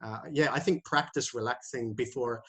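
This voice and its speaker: Hesitant teacher on a call. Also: male voice, mid-range voice, moderate pace. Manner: hesitant, many fillers and restarts. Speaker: IELTS teacher. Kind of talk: answering questions in a webinar. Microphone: video call.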